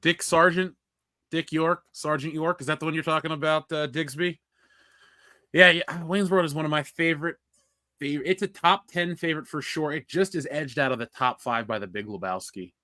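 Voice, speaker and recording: A man's voice: on the high side, normal speed, pushed and bright, no room sound, studio quality. A man from Cincinnati co-hosting a casual podcast chat, nostalgic and joking. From Cincinnati, USA. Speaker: podcast co-host.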